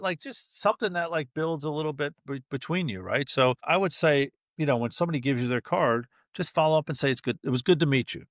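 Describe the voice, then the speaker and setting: A middle-aged man talks fast in a gravelly voice, acting out little scenes as he goes. The room sounds dry and close. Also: medium pitch, dry recording. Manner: chatty, animated storyteller acting out dialogue. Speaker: podcast guest, entrepreneur. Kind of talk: casual interview talk.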